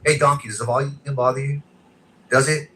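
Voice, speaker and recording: A man hosting a podcast, loudly and aggressively insulting others in a heated argument. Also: medium pitch, steady tone, fairly quick, a little hiss or hum. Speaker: podcast host.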